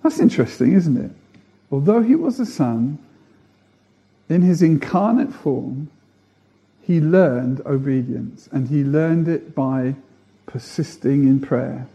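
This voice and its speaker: A man's voice: on the high side, lively intonation, slow, gravelly, long pauses, warm tone, slightly rough, muffled recording. A man preaching a sermon, earnest, building emphasis through repeated phrases.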